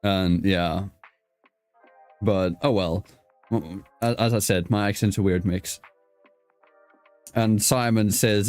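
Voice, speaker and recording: A man with a fairly low voice hosts a casual interview over a video call. His accent blends British and South African English, and he rambles, swears offhandedly and laughs a lot. Faint music plays under the talk. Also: steady tone, slow pace, pauses often, a little mellow. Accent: mix of British and South African English. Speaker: host.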